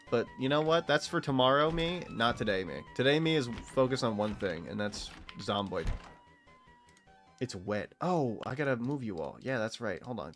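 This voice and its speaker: A man's voice: mid-range voice, a bit bright. Rambling, swearing male streamer. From Texas. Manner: rambling, swears freely, laughs often. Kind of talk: casual gameplay commentary.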